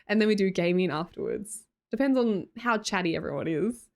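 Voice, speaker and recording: A woman's voice: medium pitch, expressive, moderate pace, darkish tone. A young Australian woman chatting casually on a live stream, greeting chatters and laughing often. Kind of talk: casual live-stream chat, reading chat aloud.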